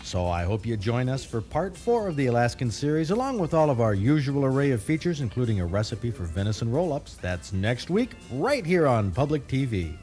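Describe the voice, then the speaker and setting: A man's voice: mid-range voice, very animated, brisk, hardly any pauses, a little mellow, soft background music. A man hosting a TV outdoors show, giving an upbeat, inviting scripted sign-off.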